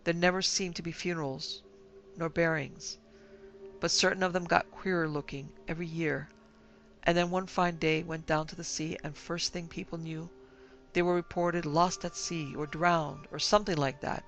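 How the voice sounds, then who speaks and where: A man giving measured, grave scripted narration of a horror story. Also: fairly high pitch, steady tone, fairly bright tone, faint music behind, poor audio.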